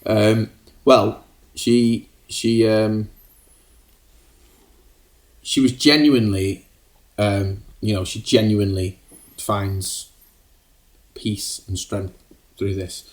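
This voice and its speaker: Podcast co-host, lowish voice, halting delivery full of ums. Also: male voice, fairly even intonation. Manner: hesitant, many ums and restarts. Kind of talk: casual podcast chat.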